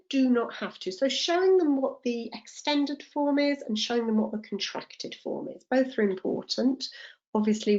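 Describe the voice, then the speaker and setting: A woman's voice: mid-range voice, darkish tone, highs cut off. A woman, a tutor running a live online teacher-training lesson, explaining step by step and checking in with the group. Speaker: TEFL tutor.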